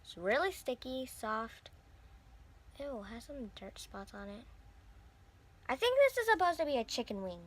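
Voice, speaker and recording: Young girl vlogging squishy unboxing, kinda high voice, gushy and breathy. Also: very animated, unhurried, pauses often. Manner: gushing, breathy squeals over cute toys. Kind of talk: casual unboxing chat.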